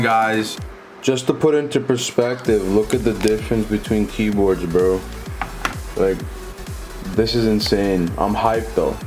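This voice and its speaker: A young man with an American accent casually unboxing a keyboard, chattering excitedly in slang and calling his viewers "bro.". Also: fairly low pitch. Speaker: tech YouTuber.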